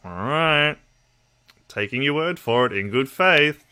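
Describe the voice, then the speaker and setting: A man's voice: mid-range voice, lively intonation, unhurried, sharp tone. A man from Australia with an Australian accent, hosting a casual livestream and chatting bluntly and profanely with his viewers. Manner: blunt, profane, talks to chat. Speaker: livestream host.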